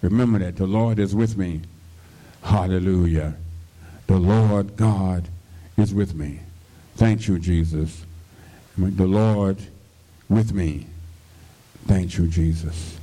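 A man's voice: deep voice, slow pace, pauses often, dark tone. A male pastor preaching a fervent radio sermon, constantly breaking into hallelujahs and praise. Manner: fervent, punctuated with constant hallelujahs and thank-you-Jesus.

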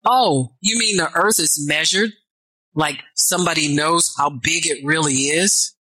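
A woman preaching with a bright, forceful voice, tossing quick questions back at her listeners. The sound is dry and close, with little room around it. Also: deep voice, slightly rough, no room sound, low-quality recording. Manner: call-and-response asides, rising to shouts. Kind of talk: sermon.

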